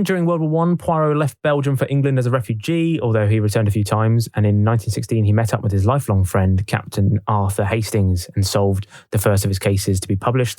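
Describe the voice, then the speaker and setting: A man's voice: lowish voice, a little mellow, dry recording. A man co-hosting a podcast, reading from notes in a dry, casual way. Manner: reads from notes, dry, laughs easily. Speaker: podcast co-host.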